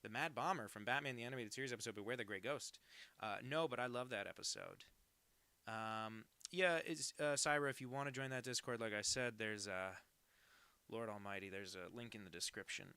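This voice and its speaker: A man's voice: medium pitch, fairly quick, sharp tone, clear, resonant tone, no room sound. An American man in his twenties, a cartoonist chatting casually on a live stream while drawing, rambling and self-deprecating. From United States.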